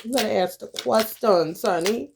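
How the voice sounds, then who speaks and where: A woman's voice: mid-range voice, moderate pace, gravelly, background noise. A woman tarot reader giving casual advice in a blunt, rambling, profane way, calling her listeners honey.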